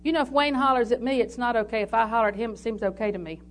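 A woman's voice: a little high, fairly even intonation, very fast, slight background noise. A woman preaching a sermon, telling homely stories and reading scripture aloud. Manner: folksy storytelling with scripture reading.

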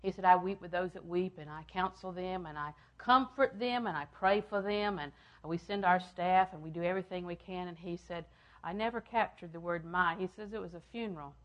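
Older woman preacher, lowish voice. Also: a little fast, few pauses. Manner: repeats phrases for emphasis, swings from loud to hushed. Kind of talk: sermon.

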